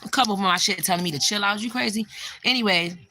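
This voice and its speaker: A young woman, a spiritual vlogger, chats casually on a livestream in a mid-range voice at a quick pace, with no room sound. She's blunt and heavily profane, responding to her viewers' comments and bursting into loud exclamations.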